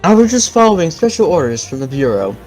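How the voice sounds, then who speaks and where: A woman's voice: low voice, big pitch swings, quick pace, a little mellow, soft background music, rough recording. A woman voicing a police detective who interprets for a witness, relaying testimony in a matter-of-fact way in a casual fan reading. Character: dry male police detective acting as interpreter.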